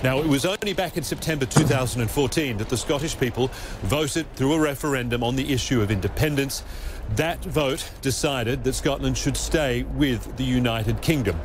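Male news reporter, mid pitch, measured formal read, faint hum behind. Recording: news clip with faint background noise.

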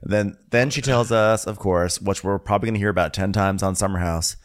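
A man co-hosting a comedic podcast recap, playful and quick with mocking voices. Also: fairly low pitch, steady tone. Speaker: podcast co-host.

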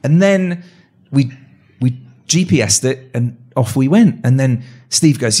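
A man telling a story as a guest on a live talk show, animated, with voiced quotes and frequent restarts. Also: mid-range voice, a little slow, slightly rough. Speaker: guest, meteorite hunter. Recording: live audience event.

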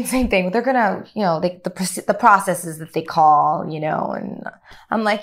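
A middle-aged actress in an interview, telling a story with lively acted-out dialogue and frequent laughter. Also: female voice, mid-range voice, brisk. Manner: animated, acts out quoted dialogue, laughs often. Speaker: actor guest.

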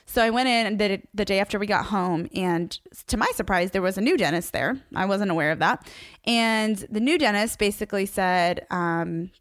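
A young woman recounts a mishap in a chatty, animated way, laughing now and then between phrases. Her voice sits at an ordinary middle pitch. The sound is dry and close, with no room around it. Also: normal speed, no room sound. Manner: chatty, animated, laughs often while telling. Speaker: social media creator. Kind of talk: casual storytelling to camera.

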